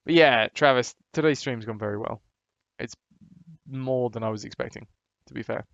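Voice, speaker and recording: A man's voice: mid-range voice, moderate pace, gravelly, fairly bright tone, no room sound, highs cut off. A man chatting casually and rambling on his live stream from a hotel room. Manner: chatty, rambling, laid-back.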